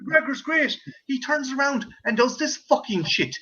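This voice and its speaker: A man with an Irish accent, talking in a casual chat, profane and animated as he tells stories. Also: extremely high pitch, normal speed, over a noisy crowd. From Ireland. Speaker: co-host. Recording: dull lo-fi audio.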